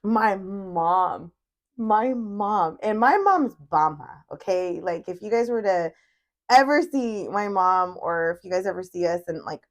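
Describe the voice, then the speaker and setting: A woman in her thirties co-hosts a podcast, chatting casually and spinning family stories with lots of energy, swearing freely and acting out what people said. Her voice is mid-range and her pace measured.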